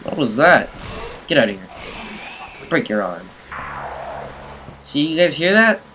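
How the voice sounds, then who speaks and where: Excitable young man playing a zombie game. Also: a little high, unhurried, slight background noise, rough recording. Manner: excitable, yelling at enemies, jokey asides. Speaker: gaming YouTuber. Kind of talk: let's play commentary.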